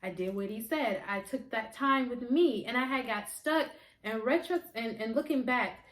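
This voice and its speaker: Speaking at a normal speed in a fairly high pitch, a US holistic healer shares her personal spiritual story. She's emotional and earnest, circling back often, and the room echoes.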